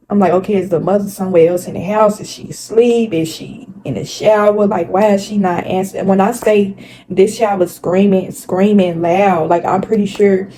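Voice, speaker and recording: Warm-voiced woman telling a story earnestly. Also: medium pitch, a little hiss or hum, rough recording. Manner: earnest, repetitive, talks straight to viewers. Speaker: spirituality vlogger. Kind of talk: casual storytelling to camera.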